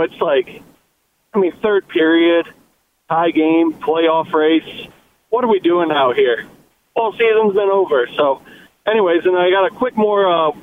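A man calling in to a sports radio show, ranting in a fired-up way. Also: on the high side. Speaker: caller. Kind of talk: call-in radio chat. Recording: tinny phone line with faint noise.

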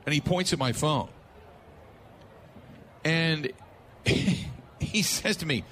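A man hosting a sports talk radio show and telling a story with plenty of energy. His pitch sits a little high and bounces widely as he acts out the people in the tale. He laughs often between lines. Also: normal speed, pauses often, slight background noise. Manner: animated, laughing storyteller acting out quotes.

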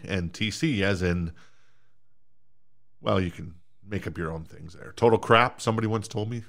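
A man's voice: fairly low pitch, expressive, normal speed, creaky, a bit bright. A man from Minnesota hosting a sports podcast, rambling and joking at his own expense. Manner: rambling, self-deprecating, joking. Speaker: podcast host. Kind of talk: casual sports podcast chat.

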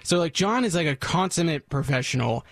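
Chatty man on radio, higher voice. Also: expressive, brisk, dry recording, clean studio sound. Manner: chatty, self-deprecating storyteller. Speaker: radio host. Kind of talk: casual radio banter.

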